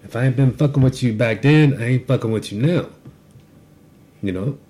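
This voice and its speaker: A man's voice: medium pitch, moderate pace, warm tone. A man co-hosting a podcast, telling rambling, profane stories about his workday with frequent restarts. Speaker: podcast co-host. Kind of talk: casual podcast rant.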